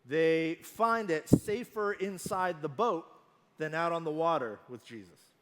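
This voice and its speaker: Male pastor, sermon, high voice, slow and emphatic, reverberant hall sound. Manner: earnest, emphatic, slows down on key phrases.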